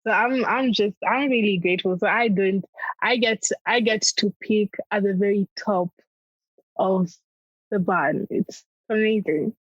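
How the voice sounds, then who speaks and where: A woman's voice: mid-range voice, a little slow, husky, dry recording, lo-fi sound. A young adult woman, a comedian guest, chatting animatedly and laughing often. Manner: animated, laughs often, acts out family in quotes. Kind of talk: casual interview chat.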